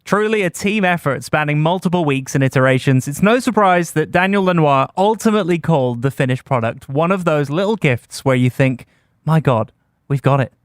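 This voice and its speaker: Brief male host narrating a music documentary podcast, somewhat high, smooth and dry, measured delivery. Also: expressive, dry recording. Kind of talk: scripted narration.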